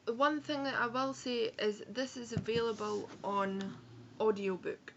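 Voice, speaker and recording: A young woman from Edinburgh, Scotland, chats frankly in a casual book review vlog from a home room on a rainy day, swearing and correcting herself as she goes. Her voice sits a little high and fairly bright, with a steady, unhurried tone and some vocal fry. The recording is lo-fi with a little hiss or hum.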